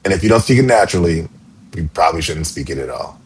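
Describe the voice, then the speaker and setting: A man's voice: low voice, animated, fast, breathy edge. A man from Charleston, co-hosting a podcast in casual chat and explaining his views earnestly. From Charleston, South Carolina. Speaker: podcast co-host.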